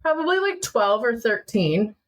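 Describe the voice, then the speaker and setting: A woman's voice: on the high side, moderate pace, rough recording. A young woman from Minnesota telling a personal story as a podcast guest, acting out what family members said. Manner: animated, acting out family dialogue.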